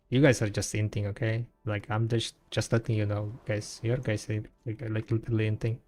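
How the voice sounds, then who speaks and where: A man's voice: on the low side, little pitch movement, fairly quick, few pauses, a little mellow. A man chatting casually on a gaming stream in a rambling, laid-back way, full of fillers and restarts. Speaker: game streamer.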